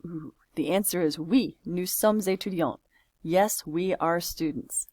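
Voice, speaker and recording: Lower-pitched woman teaching French. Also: measured pace, a little mellow, no echo. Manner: talks through each step aloud, patient and chatty. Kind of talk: screen-recorded homework walkthrough.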